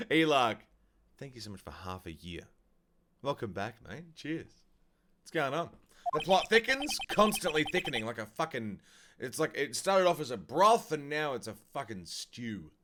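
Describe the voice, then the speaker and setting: A man's voice: mid-range voice, sing-song, measured pace, long pauses, noisy background. A man casually chatting on a game livestream, playful and profane as he talks to his chat. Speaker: streamer. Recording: loud game music behind.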